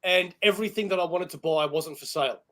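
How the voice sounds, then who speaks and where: A man with a high-pitched voice tells a story to friends on a casual podcast. He is animated and laughs easily. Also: fast talker. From Australia. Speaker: podcast co-host. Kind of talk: casual chat.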